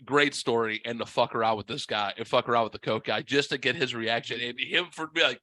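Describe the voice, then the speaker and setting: A man co-hosting a podcast, telling a story in a casual, animated way, laughing and jumping up loud when he quotes people. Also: mid-range voice, a little fast, no echo, studio quality. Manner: animated, laughing, jumps to shouts when quoting. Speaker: podcast co-host.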